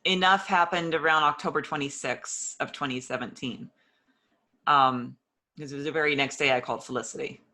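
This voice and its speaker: A woman's voice: deep voice, brisk, bright, forceful tone. A woman telling her personal story in an interview, earnest and openly emotional, acting out old conversations as she goes. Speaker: interview guest.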